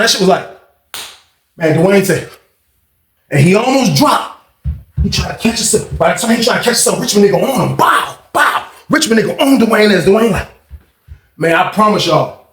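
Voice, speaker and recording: A man hosting a storytime channel, telling a prison story in a profane, excitable way and acting out the fights with sound effects. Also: sits high, moderate pace. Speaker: storytime host. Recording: roomy echo.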